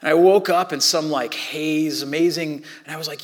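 A man in his thirties or forties preaching a sermon with animated storytelling, sometimes dropping to a soft near-whisper. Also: on the high side, normal speed. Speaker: pastor.

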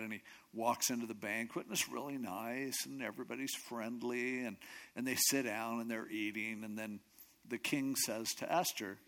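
A man's voice: medium pitch, steady tone, normal speed, bright, forceful tone. A man casually retelling a scripture story in a sermon, acting out each character. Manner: chatty retelling with frequent acted quotes.

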